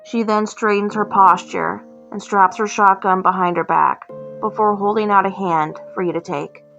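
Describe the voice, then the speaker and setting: A woman narrating an immersive second-person story in a slow, descriptive way. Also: medium pitch, fairly even intonation, vocal fry. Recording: slightly muffled with soft music.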